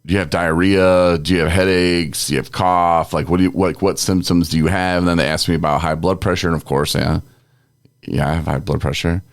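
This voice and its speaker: A man's voice: sits low, steady tone, a little fast, no echo. A man co-hosting a podcast, ranting in a worked-up, exasperated way. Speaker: podcast co-host. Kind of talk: casual ranting chat.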